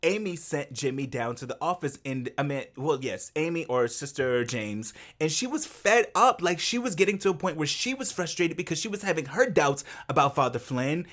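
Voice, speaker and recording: A man co-hosting a podcast, recapping a film scene in casual chat, animated, laughing often and acting out the characters' lines. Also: on the high side, normal speed, few pauses. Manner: animated storyteller, laughs often, acts out quotes. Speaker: podcast co-host.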